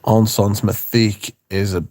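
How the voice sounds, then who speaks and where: A man's voice: on the low side, flat delivery, measured pace, darkish tone, dry recording, clean studio sound. A man, hosting a livestream in casual chat, reading viewer comments in a rambling, profane, wry way. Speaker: livestream host.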